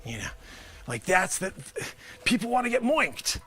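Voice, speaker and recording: Excitable high-voiced man doing a comic pitch. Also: a little fast. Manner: rambling, sarcastic, excitable. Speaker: host. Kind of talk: comedic improvised pitch.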